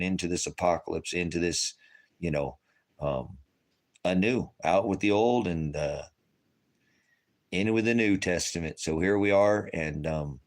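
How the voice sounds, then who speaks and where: An older man giving an emotional, rambling spiritual testimony, laughing and tearing up as he preaches. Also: low voice. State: tearful.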